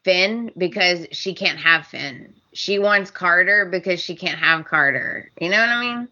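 A woman's voice: fairly low pitch, unhurried, sharp tone, lo-fi sound. A woman co-hosting a casual podcast, recapping a soap opera and acting out the characters' lines with animation. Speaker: podcast co-host.

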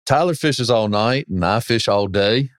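A man co-hosting a podcast, talking in a calm, casual way. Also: fairly low pitch, measured pace, no echo, clean studio sound. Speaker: podcast co-host. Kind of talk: casual chat.

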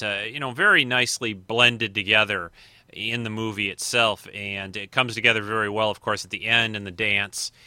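A man's voice: lowish voice, pushed and bright, clear, resonant tone, no echo. A man hosting a casual film commentary, rambling along with many fillers and restarts. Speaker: podcast host.

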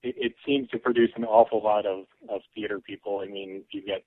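Man from Alaska, podcast guest, low voice, hesitant casual talk, dry tinny phone-line audio. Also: steady tone, fairly quick, no room sound. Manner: easygoing, hesitant, many ums. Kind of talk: casual conversation.

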